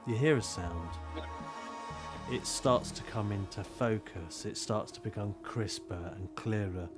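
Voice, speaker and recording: A man's voice: fairly low pitch, measured pace. A man narrating a tabletop game as game master, teasing his players with wry asides. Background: music.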